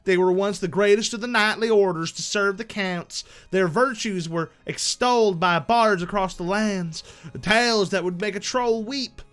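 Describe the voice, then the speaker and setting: A man's voice: high-pitched, moderate pace, fairly bright tone, clean tone, faint music behind, pitched above the performer's own voice. A man voicing a noble who pleads with a king, with raised theatrical delivery. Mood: pleading.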